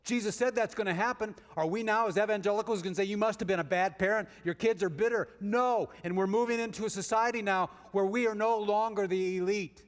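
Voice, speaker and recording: High-voiced man preaching in a reverberant hall. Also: brisk, hardly any pauses. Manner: swings from emphatic rises to hushed storytelling. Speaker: guest speaker. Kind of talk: sermon. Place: church sanctuary. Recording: long reverb of a large hall.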